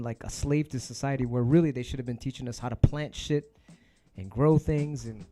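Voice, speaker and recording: A man hosting his own stream, ranting casually to viewers in heated, profanity-laced street slang. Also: medium pitch. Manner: emphatic, heated. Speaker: DJ and stream host.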